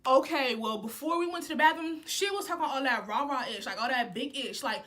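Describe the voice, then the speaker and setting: High, bright-voiced young woman vlogger. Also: a little fast, few pauses. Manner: animated, slangy, swings between shrieks and low asides. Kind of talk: casual storytime vlog.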